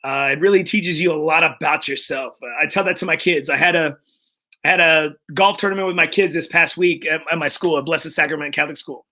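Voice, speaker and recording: A man's voice: on the high side, fairly quick, bright, forceful tone. Emotional, earnest man hosting a podcast. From Texas. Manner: earnest and emotional, with frequent restarts and fillers. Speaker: podcast host. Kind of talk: casual podcast chat.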